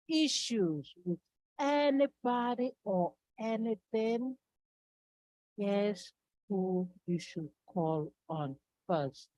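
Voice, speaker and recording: A woman's voice: mid-range voice, no echo, low-quality recording. A woman telling a story to children at a church service, asking them questions as she goes. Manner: animated, asks children questions.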